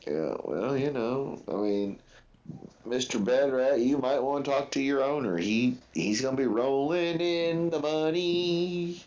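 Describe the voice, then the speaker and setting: A man's voice: medium pitch, measured pace, darkish tone, lo-fi sound. A man hosting a livestream watch-along, chatting casually in a rambling, profane way with lots of fillers. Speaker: livestream host.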